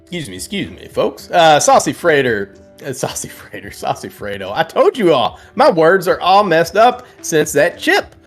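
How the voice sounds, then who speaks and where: A man with a fairly high voice that swings widely in pitch hosts a live trading stream at a moderate pace, faint music playing behind him. He chats casually while reading out prices and viewers' names, laughing often and sometimes singing the names in a sing-song repeat. It's relaxed live market commentary.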